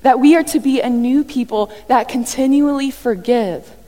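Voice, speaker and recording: A woman preaching a sermon in a lively, conversational way, often acting out what people said. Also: high voice, moderate pace. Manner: animated, conversational, acts out quotes. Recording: long reverb from a large hall.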